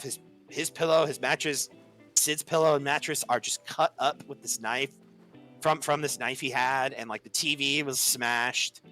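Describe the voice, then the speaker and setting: Young guy, casual podcast storyteller, crisp forward voice with soft music behind; leans on "like" and acts out quotes. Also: medium pitch. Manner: chatty, heavy use of "like", acts out quoted lines.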